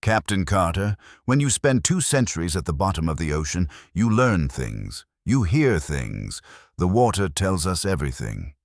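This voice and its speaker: A man voicing a polished, courteous ghost captain of an eighteenth-century British warship who is quietly menacing, in a scripted horror story. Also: sits low, very animated, normal speed, no room sound, clean studio sound, full character voice. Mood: silky menace.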